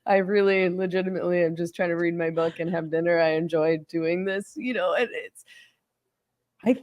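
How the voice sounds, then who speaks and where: A woman's voice: lowish voice, moderate pace, no echo. A woman in her forties hosting an interview, telling a story casually with lots of fillers and laughs. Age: 40s. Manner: chatty, many fillers, animated laughs. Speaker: podcast host.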